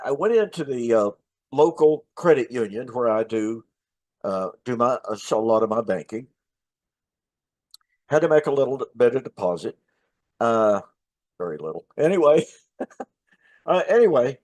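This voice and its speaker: A man shares a casual story as a minister hosting his show, relaxed and chatty, often pausing on "uh." His voice sits at an ordinary middle pitch. The sound is dry and close, with no room echo. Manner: chatty and relaxed, with frequent "uh" fillers and restarts.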